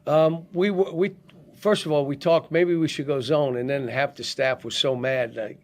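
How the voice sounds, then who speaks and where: A man's voice: a little high, steady tone. An older man coaching basketball, answering press questions bluntly with many restarts, at a post-game press conference. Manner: blunt, halting, frequent restarts.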